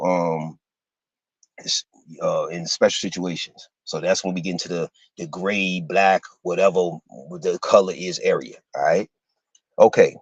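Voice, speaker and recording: A man giving an informal lecture to his listeners, halting and full of fillers, spelling out terms letter by letter. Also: low voice, dry recording, poor audio. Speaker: host teaching a class.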